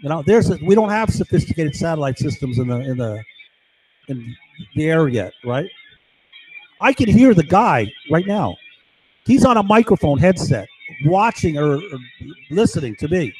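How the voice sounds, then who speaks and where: A man's voice: a little high, big pitch swings, moderate pace, darkish tone, husky, rough recording. A man delivering an agitated, rambling monologue to his camera, constantly asking "right?". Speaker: vlogger.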